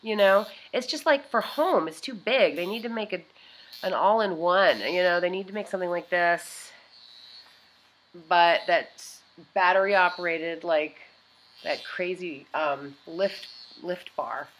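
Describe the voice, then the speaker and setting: A woman's voice: fairly low pitch, unhurried, fairly bright tone, slight background noise, poor audio. A woman vlogger chatting casually as she tries out beauty gadgets, rambling and often trailing off mid-thought.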